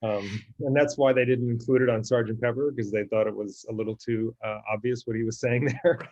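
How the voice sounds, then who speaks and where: A man's voice: medium pitch, fairly even intonation, fairly quick, a little mellow, lo-fi sound. A man co-hosting a podcast, chatting enthusiastically about favorite songs, with plenty of ums and restarts. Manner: enthusiastic, hesitant with many ums. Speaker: podcast co-host, musician. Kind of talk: casual chat about music.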